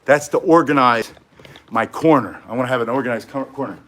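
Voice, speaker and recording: A man's voice: medium pitch, a little fast, fairly bright tone. A middle-aged man teaching martial arts in a casual live tutorial, chatting with viewers and wandering off on tangents. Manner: rambling, chatty, goes off on tangents.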